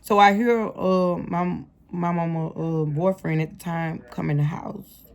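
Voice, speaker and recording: A young woman with a low, gravelly voice tells her life story straight to her viewers. She talks casually in slang and keeps calling her audience "y'all". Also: steady tone, unhurried.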